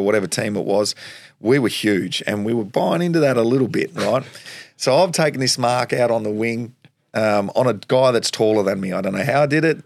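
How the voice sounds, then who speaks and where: An Australian man in his forties from Tasmania, a former footballer telling animated stories in an interview, laughing often and acting out what people said. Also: lowish voice, creaky, no room sound, clean studio sound. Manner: animated storyteller, acts out quotes, laughs often. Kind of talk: storytelling interview.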